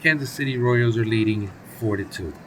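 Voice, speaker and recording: A man's voice: on the low side, moderate pace, fairly bright tone, slight background noise. A man calling play-by-play for a simulated baseball game on his own, casual and chatty, with asides and self-corrections. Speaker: play-by-play commentator.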